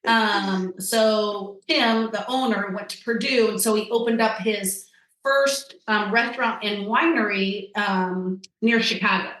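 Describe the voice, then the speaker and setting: Woman guest, casual chat, rambling with fillers, echoey room, mid-pitched. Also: unhurried, a bit bright. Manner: chatty, rambling with many fillers. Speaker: guest, tasting-room wine server.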